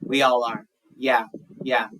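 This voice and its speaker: A man's voice: mid-range voice, little pitch movement, takes it slowly, fairly bright tone, low-quality recording. A man teaching an English class, asking students questions and chatting frankly about his own views. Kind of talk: conversational class discussion.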